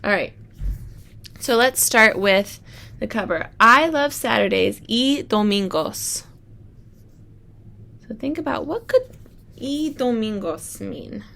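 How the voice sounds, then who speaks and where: A woman's voice: fairly high pitch, animated, takes it slowly, gravelly, long pauses, pushed and bright. A woman teacher reading a picture book aloud to children, thinking aloud as she models how to work out unfamiliar words. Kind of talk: read-aloud lesson for children.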